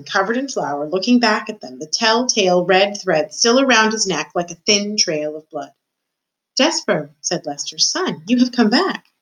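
A woman, a student reader, narrating a novel aloud in a steady, measured way. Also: mid-range voice, rough recording.

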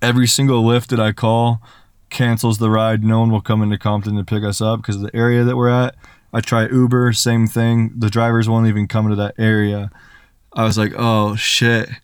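A young man telling a story as a podcast guest, animated and full of "like" fillers. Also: lowish voice, fairly quick, smooth, dry recording. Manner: animated, filler-heavy retelling with lots of "like". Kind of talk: casual storytelling.

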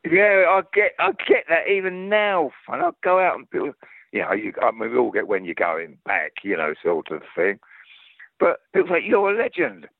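Older Cockney man, gravelly and lively. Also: medium pitch, normal speed, no room sound, phone-quality sound. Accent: Cockney London. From London, England. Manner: rambling storyteller, lively, restarts often. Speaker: guest actor. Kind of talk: casual anecdotal chat.

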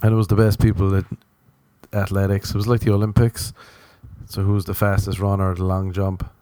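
A man's voice: deep voice, monotone, brisk, dark tone, no echo. A man from Ireland hosting a solo comedy podcast from his apartment, rambling through self-mocking jokes and tangents. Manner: self-mocking, meandering, jokey asides. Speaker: podcast host.

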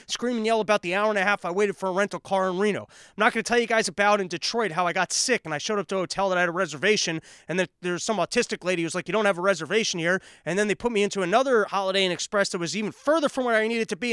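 A man hosting his own podcast alone, telling a comedic ranting story that swings between calm asides and near-shouting. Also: high voice, clean tone, no echo, clean studio sound. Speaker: podcast host. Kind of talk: solo comedic rant. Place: apartment.

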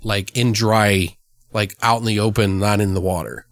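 A man's voice: fairly low pitch, steady tone, normal speed, dry recording, studio quality. A man co-hosting a casual movie chat, rambling loosely, swearing freely and joking at his own expense. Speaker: podcast co-host.

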